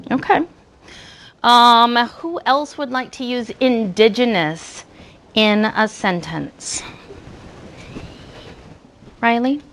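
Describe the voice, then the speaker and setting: A woman teaching a classroom lesson, talking slowly and patiently with encouraging praise. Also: a little high, fairly bright tone, slight background noise. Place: school classroom.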